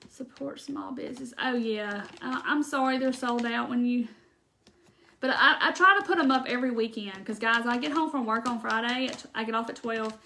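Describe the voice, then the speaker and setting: A woman chatting casually on a live craft stream, reading out viewer comments and rambling warmly with ums and laughs. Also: on the high side, slight background noise.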